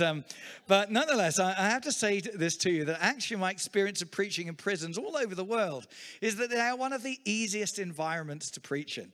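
Middle-aged male preacher, slightly high voice, lively humorous storytelling sermon. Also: in a large hall. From England.

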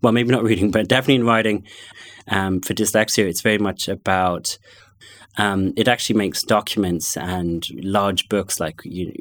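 A middle-aged man with a London accent tinged with Connemara, thoughtfully recounting his own experience with many pauses and restarts. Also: fairly low pitch, fairly even intonation. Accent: London with touches of Connemara. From born in London, family from Galway. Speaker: guest sharing personal experience. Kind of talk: reflective personal account.

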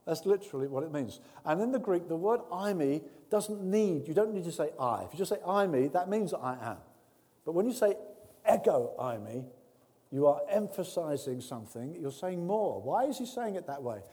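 A man with a high voice preaches earnestly, his words ringing out with a long reverb in a large hall. He moves between hushed, close tones and loud, emphatic bursts. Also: sing-song, normal speed. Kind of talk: sermon.

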